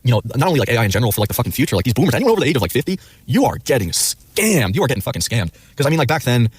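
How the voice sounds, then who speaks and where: A man's voice: medium pitch, very animated, very fast, slightly rough, dry recording. A man livestreaming, chatting casually in a rambling way, swearing often and acting out quoted replies. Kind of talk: casual rambling stream chat.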